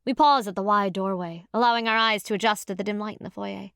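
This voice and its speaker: A woman narrating a first-person audiobook in a lively, expressive storytelling manner. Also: medium pitch, fast talker, gravelly, clear, resonant tone, dry recording. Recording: dry close studio sound.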